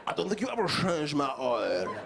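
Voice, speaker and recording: A man's voice: fairly high pitch, wildly swooping pitch, normal speed, gravelly, background noise, exaggerated voice. A man voicing a sulky, indignant talking car that scolds its owner.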